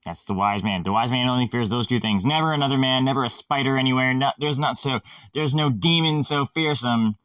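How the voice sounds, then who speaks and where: A man's voice: mid-range voice, fairly quick, a bit bright, no room sound, clean studio sound, distant mic. A man hosting a casual monologue, rambling, sarcastic and irreverent, swearing freely.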